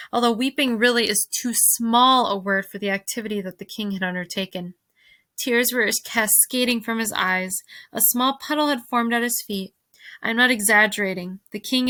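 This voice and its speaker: Teacher lady reading a chapter book aloud to kids, expressive, bright dry voice. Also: mid-range voice, dry recording. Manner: expressive, addresses listeners directly. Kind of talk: reading a novel aloud to a class.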